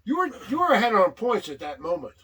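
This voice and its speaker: An older man co-hosting a casual wrestling talk show, boisterous and teasing, reading out questions and shouting to rile up his co-host. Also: sits high, huge pitch swings, fast, husky.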